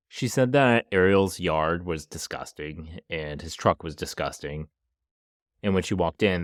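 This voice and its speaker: Deep-voiced man narrating true crime. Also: dry recording, studio quality. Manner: casual, laughs between lines, lots of "like". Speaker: podcast host.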